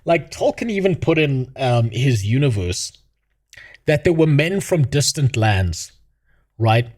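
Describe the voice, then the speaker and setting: A man's voice: medium pitch, sing-song, takes it slowly, a little mellow. A male streamer ranting casually in a mocking tone, laughing often and rambling. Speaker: streamer host. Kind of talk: casual rant.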